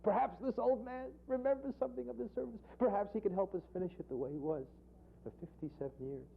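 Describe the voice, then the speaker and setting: A man, a humorist guest in a TV studio, telling a joke and talking about humor, acting out voices with big jumps in pitch. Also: fast talker, gravelly, a little hiss or hum. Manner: animated storyteller, acts out characters with sharp jumps in pitch. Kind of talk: joke telling and interview talk. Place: television studio. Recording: tinny phone-like archive broadcast.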